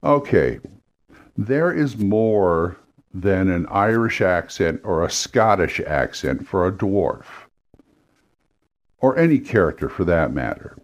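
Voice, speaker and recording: A man's voice: sits low, big pitch swings, highs cut off. A man who runs role-playing games gives casual, rambling advice on doing voices and accents, often restarting his sentences. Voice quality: rambling, with restarts and quick demos of impressions and accents. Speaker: game master.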